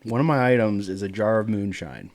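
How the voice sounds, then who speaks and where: A man playing a tabletop game, eager and lively. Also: on the low side, fairly quick. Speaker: player.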